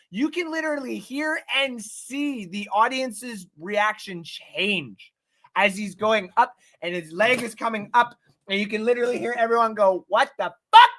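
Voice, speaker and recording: A man hosting a casual live-stream sports talk show, swearing often, rambling excitedly and reading out viewer comments. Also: sits high. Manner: reads out and thanks chat viewers.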